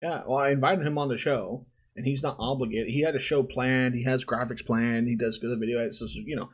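Husky man telling a rambling story. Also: mid-range voice, fairly even intonation, fairly quick. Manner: rambling storyteller, slangy, laughs often. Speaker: podcast host. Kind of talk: casual chat.

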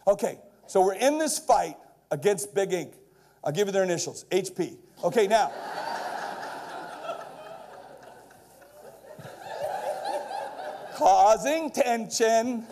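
Middle-aged man with a very high voice, brash stage speaker who builds to shouted punchlines. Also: big pitch swings, moderate pace, pauses often. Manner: keeps checking in with the crowd with "okay?". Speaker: keynote speaker. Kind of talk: energetic stage keynote. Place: large lecture hall before a live audience.

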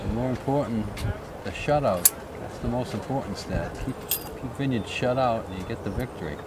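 A man's voice: medium pitch, moderate pace, very noisy. A man doing casual play-by-play commentary at an outdoor baseball game, chatty and easygoing, with many fillers. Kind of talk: local sports commentary. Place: outdoors at a ballpark.

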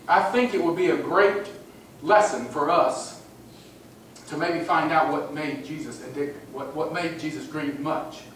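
Recorded far from the mic in an echoey church sanctuary with faint noise, a male pastor preaches an emphatic, repetitive sermon. His voice sits on the high side, unhurried and a bit bright, and he keeps calling "amen?" out to the congregation.

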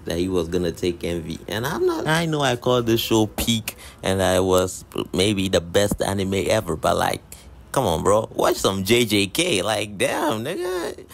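Casual: low gravelly guy riffing on an anime, swearing a lot, slangy jokes, soft music underneath. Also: lively intonation, moderate pace, slight background noise. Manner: profane, slangy, joking. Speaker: anime recap commentator. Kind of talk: casual comedic commentary.

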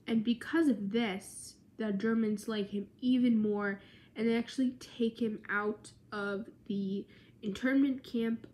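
Young woman, tired student presenter, slow unhurried delivery, casual and filler-heavy. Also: a little high, fairly even intonation, darkish tone. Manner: chatty, lots of "like" and "um" fillers. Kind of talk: casual history explainer.

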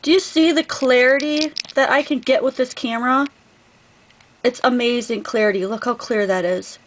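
A woman's voice: fairly high pitch, moderate pace, slight background noise, poor audio. A woman craft vlogger opening a gift package on camera, gushing over each item in a casual, effusive way. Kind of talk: casual unboxing vlog.

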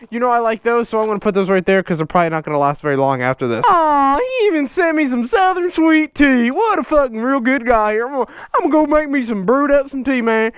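Young male vlogger, high bouncy voice, clear and dry, excitable, profane, quick to shout. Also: no room sound. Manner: excitable, swears a lot, bursts into shouting. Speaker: vlogger opening fan mail. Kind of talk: casual profane vlog chat.

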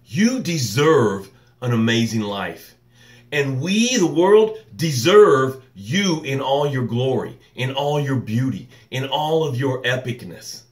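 A man hosts a live motivational morning show, his voice ringing in a roomy, echoing space. He stacks up fervent, sermon-like phrases and calls viewers by name. Then he eases into soft, unhurried breathing cues. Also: mid-range voice, sing-song. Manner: fervent, preacher-like build-ups with repeated phrases. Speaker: business coach hosting a live morning show.

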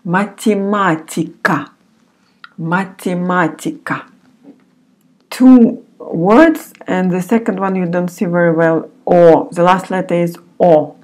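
Very slow, low-voiced woman teacher. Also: darkish tone. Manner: slow, repeats each word several times for learners. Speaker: language teacher. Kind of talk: recorded beginner lesson.

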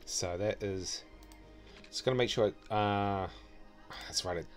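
A man's voice: fairly low pitch, unhurried, faint music behind. A man thinking aloud as he streams a city-building game, trailing off and correcting himself often. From New Zealand. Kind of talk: casual gameplay commentary.

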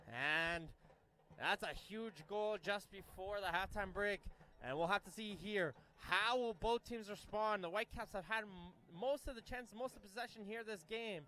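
Male commentator, high pitch, bright tone, brisk play-by-play, outdoor match. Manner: brisk play-by-play, self-correcting names. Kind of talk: live youth soccer commentary.

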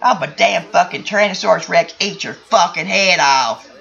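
A woman voicing a foul-mouthed, hot-tempered man in a life-sim game, yelling and cursing constantly. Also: lowish voice, normal speed, gravelly, lo-fi sound, pitched below the performer's own voice. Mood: ranting.

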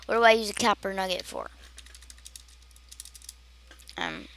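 Woman, gaming commentary, slow and rambling, bright tone, chatty. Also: medium pitch, huge pitch swings, slight background noise. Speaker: gaming channel host. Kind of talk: casual game commentary.

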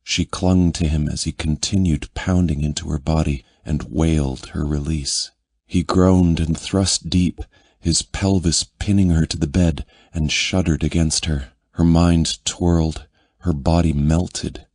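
A man narrating a romance audiobook in a measured, intimate reading. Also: very deep voice, steady tone, darkish tone, no echo.

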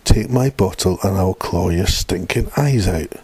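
A man's voice: deep voice, steady tone, normal speed, darkish tone, husky, dry recording. A man voicing a downtrodden wife and mother who speaks meekly. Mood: subdued. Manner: meek and worn down.

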